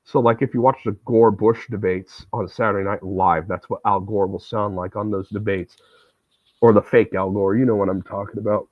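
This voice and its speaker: A man chatting casually on a livestream while playing a game, relaxed and self-deprecating. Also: fairly low pitch, normal speed, no echo. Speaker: streamer. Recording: tinny, phone-like, dry sound.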